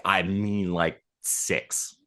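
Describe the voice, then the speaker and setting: A man's voice: deep voice, level tone, extremely slow, sharp tone. A man co-hosting a podcast, telling a long anecdote in a casual, rambling way with lots of fillers. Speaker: podcast co-host. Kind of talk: casual storytelling chat.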